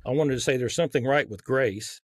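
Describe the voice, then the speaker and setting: A man's voice: mid-range voice, a little fast, no echo. Earnest Southern man explaining his argument. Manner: earnest, explanatory, many restarts. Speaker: guest author. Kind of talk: casual podcast conversation.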